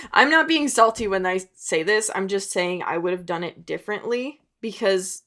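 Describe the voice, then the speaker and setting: Speaking in a lowish, slightly bright voice, this young woman, an artist and video creator, rambles chattily through a casual conversation and pokes fun at herself along the way.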